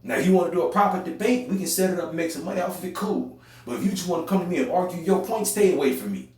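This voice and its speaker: The young AAVE-accented podcast host fires off his impassioned, preachy monologue at a rapid clip. He repeats his lines and alternates between loud eruptions and quiet, low moments, his voice echoing through a very reverberant room from a distance.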